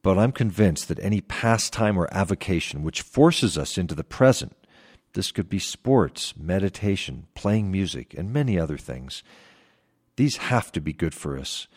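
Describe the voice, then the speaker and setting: Man in his fifties, podcast host, low voice, animated intonation, reflective storytelling. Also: moderate pace, slightly rough. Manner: reflective storytelling with lively pitch swings. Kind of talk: scripted podcast monologue.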